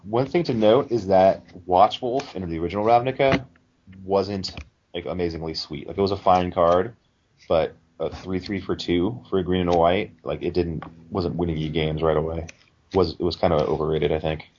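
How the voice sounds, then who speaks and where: A man's voice: deep voice, normal speed, darkish tone, a little hiss or hum. A man co-hosting a casual podcast, rambling through card rankings and hedging with fillers. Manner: rambling, hedging with likes and I means. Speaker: podcast co-host. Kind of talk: casual chat. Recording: dull lo-fi sound.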